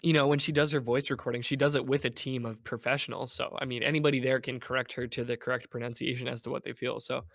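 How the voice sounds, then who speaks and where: A man chatting casually as a guest on a podcast, animated and playful, slipping into mock voices. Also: medium pitch, fast talker, creaky, hardly any pauses. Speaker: guest, game developer.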